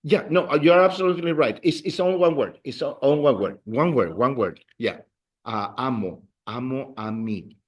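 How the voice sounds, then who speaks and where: A man's voice: mid-range voice, expressive, normal speed. A man teaching a beginner Spanish class, patiently repeating words for drills and encouraging his students. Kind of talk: classroom language lesson.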